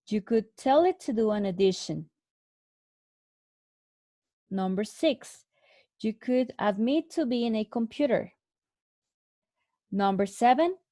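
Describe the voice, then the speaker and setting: A woman teaching an English lesson, explaining answers slowly and clearly with repeated examples. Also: on the high side, dark tone, no room sound. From Mexico. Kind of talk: recorded online English lesson.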